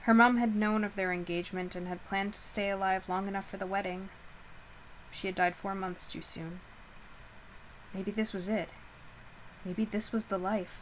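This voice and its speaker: Woman reading a book out loud, casual, trips over words and fixes them, mid pitch. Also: steady tone, normal speed, slight background noise, rough recording. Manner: stumbles and corrects herself, chatty asides. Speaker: audiobook reader. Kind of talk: casual read-aloud narration.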